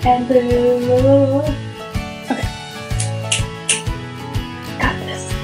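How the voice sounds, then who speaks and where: A woman's voice: a little high, normal speed, echoey room, music in the background, low-quality recording. A young woman reviewing a podcast in a casual home vlog, chatty and giggly, with lots of fillers and restarts. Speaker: book vlogger.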